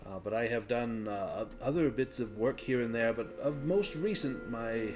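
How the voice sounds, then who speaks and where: A man's voice: mid-range voice, moderate pace, over loud music, lightly acted. A man doing a fussy, aloof scholar. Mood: defensive. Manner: fussy, stammering, defensive. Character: aloof obsessive male scholar, older man.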